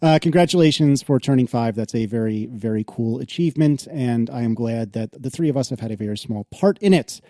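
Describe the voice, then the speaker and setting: A man co-hosting a podcast in casual chat, animated and quick to laugh, with exasperated protests. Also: medium pitch, no echo, studio quality. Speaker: podcast co-host.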